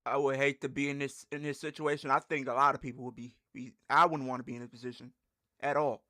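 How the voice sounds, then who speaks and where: A man's voice: mid-range voice, little pitch movement, fast talker, bright, forceful tone, dry recording, studio quality. A man hosting a livestream, reacting animatedly and repeating bro and fam. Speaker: livestream host.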